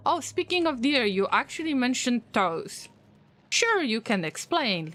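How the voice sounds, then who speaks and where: This gaming streamer's voice is on the high side, expressive and slightly bright, and she speaks slowly. While playing, she keeps up a casual, teasing conversation with her viewers and answers their messages with jokes.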